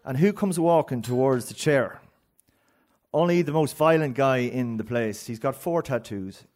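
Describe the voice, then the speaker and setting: An Irish man telling a story live on stage, in an animated, rambling way. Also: mid-range voice, a little slow. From Ireland. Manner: rambling and animated, with frequent restarts and laughs.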